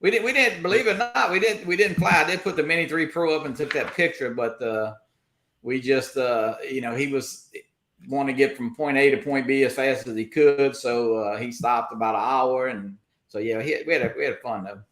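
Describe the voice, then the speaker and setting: A man with a gravelly, creaky voice hosts a relaxed livestream, wandering through announcements with plenty of "uh"s. His voice rings in a roomy, echoey space. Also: mid-range voice, fairly quick. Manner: relaxed, rambling announcements with many fillers. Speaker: host. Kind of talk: casual livestream chat.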